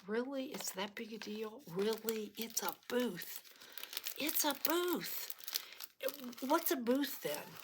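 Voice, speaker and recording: A middle-aged woman chatting and telling stories while she crafts, acting out what people said. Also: fairly low pitch. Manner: chatty storytelling, lively quoted voices. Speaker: crafting vlogger. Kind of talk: casual chat while crafting. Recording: noticeable background noise.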